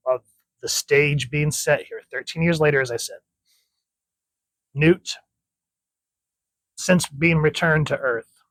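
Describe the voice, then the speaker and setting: An enthusiastic young man talks through a comic book, pointing out details of the art in a casual, chatty way. His voice sits at an ordinary middle pitch, and the recording is close and dry with no room echo. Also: a bit bright. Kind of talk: casual comic review with dramatic reading.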